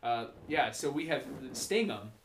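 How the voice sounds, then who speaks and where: A young man hosting a student podcast, telling stories in a casual, animated way with many fillers. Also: medium pitch, moderate pace, echoey room, a little hiss or hum. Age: young adult. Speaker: podcast host. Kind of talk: casual chat.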